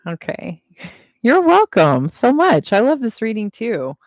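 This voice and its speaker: A woman's voice: a little high, huge pitch swings, a little slow, slight background noise. A woman, giving a casual livestream tarot reading and chatting, repeating reassurances with chatty asides, seated at a table at home. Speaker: tarot reader.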